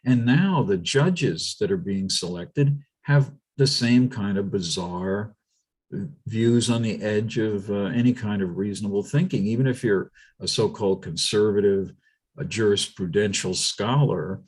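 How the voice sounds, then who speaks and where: Man, talk show guest, emphatic, husky, lowish pitch, restarts sentences. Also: measured pace. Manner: animated, emphatic, with frequent restarts. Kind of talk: casual political talk.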